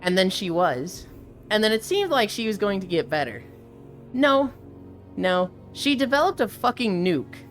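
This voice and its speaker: A young woman streaming live and chatting casually, retelling an anime with lively, profane commentary and acted quotes. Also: medium pitch, a little slow, faint music behind.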